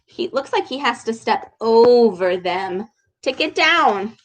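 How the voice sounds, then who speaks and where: A woman reading a storybook aloud to young children and teaching a speech sound, talking in a slow, exaggerated, encouraging way. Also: on the high side, expressive.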